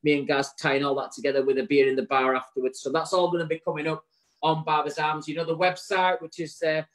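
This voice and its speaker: High-voiced man rallying listeners. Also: flat delivery, quick pace, rough recording. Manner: hearty, blunt, swears freely, rallying his listeners. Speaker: co-host. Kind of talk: live online show sign-off.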